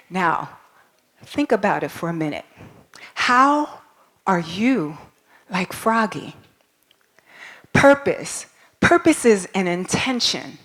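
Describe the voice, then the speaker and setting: A woman storyteller performs live for an audience at a school ball, expressive and coaxing, getting listeners to repeat words after her. Her voice is medium-pitched.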